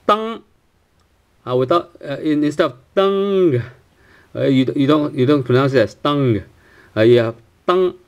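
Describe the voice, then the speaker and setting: A man's voice: medium pitch, darkish tone. A man teaching a pronunciation lesson, hesitant and full of fillers, asking "right?" often and repeating sounds for practice. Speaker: language teacher.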